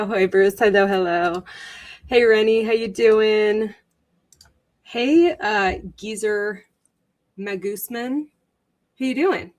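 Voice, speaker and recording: A woman hosting a casual livestream, greeting viewers by name, chatty with many ums and frequent giggles. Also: medium pitch. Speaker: livestream host.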